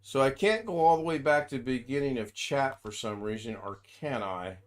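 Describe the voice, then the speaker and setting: A man's voice: mid-range voice, normal speed. A man hosting a casual live stream, chatting loosely and reading out viewers' names. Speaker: livestream host.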